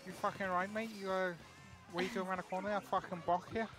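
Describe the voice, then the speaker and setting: A man's voice: sits high, level tone, fast, music in the background, voice pushed up, lightly acted. A man voicing a brash, swearing Liverpool bloke with a throaty Scouse accent. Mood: rowdy. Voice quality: throaty, guttural.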